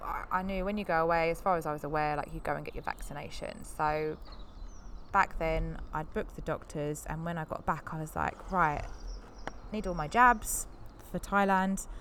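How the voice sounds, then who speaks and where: Woman in her 30s, low-ish voice, rambling honest storytelling, faint background hiss. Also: normal speed. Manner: candid, rambling, animated when quoting others. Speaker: podcast host. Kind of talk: personal storytelling.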